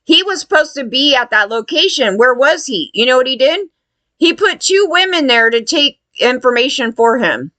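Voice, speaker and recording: Her high voice has lively intonation and a sharp tone at a normal pace, with no room sound at all. She's a fire survivor in an angry personal rant, profanely recounting how she was turned away and acting out what the officials told her.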